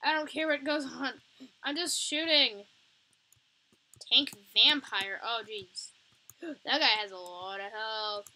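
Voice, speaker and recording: A woman's voice: on the high side, slow, pauses often, sharp tone. A young woman commenting on a zombie video game as she plays, taunting the enemies in a playful way. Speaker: gamer. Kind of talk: gameplay commentary.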